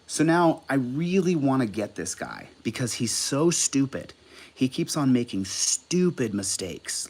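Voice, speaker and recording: A man's voice: very animated, measured pace, husky. Combative male livestream host. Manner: swings between loud outbursts and low mutters; profane, combative. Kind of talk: casual livestream commentary reading out texts.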